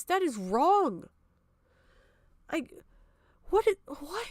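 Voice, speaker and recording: High-voiced woman ranting with passion. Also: big pitch swings, takes it slowly, pauses often, dry recording, clean studio sound. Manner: impassioned and indignant, with repeated apologies. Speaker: livestreamer. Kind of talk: emotional commentary on a livestream. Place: home room.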